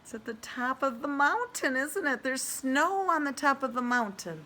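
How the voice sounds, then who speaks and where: A woman preschool teacher giving an online read-aloud lesson, speaking in a slow, exaggerated sing-song way to small children and asking them questions. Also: sits high, expressive, sharp tone, slight background noise. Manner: asks the children questions and praises answers.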